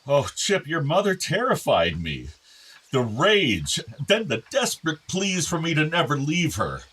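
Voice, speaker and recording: An actor playing an ailing older father in a radio drama, soft-spoken, tender and apologetic. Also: a little high, wildly swooping pitch, unhurried, slightly rough, full character voice. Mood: remorseful.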